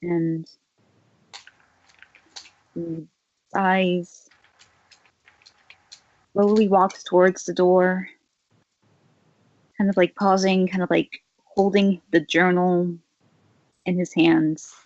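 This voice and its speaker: Slow, hesitant woman playing a tabletop game. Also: on the low side, level tone, darkish tone, no room sound, highs cut off. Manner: hesitant, many fillers and restarts. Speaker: player.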